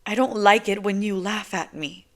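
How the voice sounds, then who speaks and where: A woman reading an audiobook, voicing an anxious, intense teenage girl who is suspicious and quick to take offense. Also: close to an everyday voice. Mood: defensive. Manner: tense, quick, high-strung. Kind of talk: audiobook character voice.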